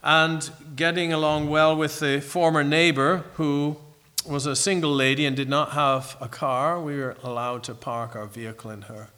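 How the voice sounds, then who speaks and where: A middle-aged man preaching a sermon in an earnest, reflective way, pausing and restarting as he tells a story. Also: fairly high pitch, steady tone, sharp tone.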